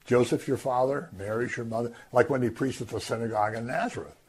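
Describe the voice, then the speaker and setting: A man teaching from the Bible in a lively, conversational way, acting out the crowd's voices. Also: medium pitch, fast talker, breathy edge. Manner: animated, acts out voices of the crowd. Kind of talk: scripture teaching.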